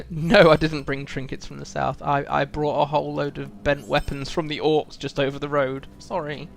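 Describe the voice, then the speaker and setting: A man's voice: on the high side, level tone, normal speed, gravelly. A British man streaming a video game, chatting reflectively with viewers, full of ums and restarts. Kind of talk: casual live-stream chat while playing.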